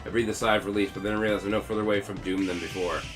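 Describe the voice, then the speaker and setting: A very deep-voiced man reads a video game's story aloud for his stream, leaning into the drama of each scene. Faint game music runs under his voice. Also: fairly even intonation, rapid-fire, fairly bright tone. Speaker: let's-play streamer. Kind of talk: reading game text aloud.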